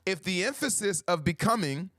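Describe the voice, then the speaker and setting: A man hosting a livestream as a life coach, greeting viewers by name and talking slowly and emphatically, repeating his key phrases. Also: sits high, animated, a bit bright, no room sound, studio quality. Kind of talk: motivational livestream talk.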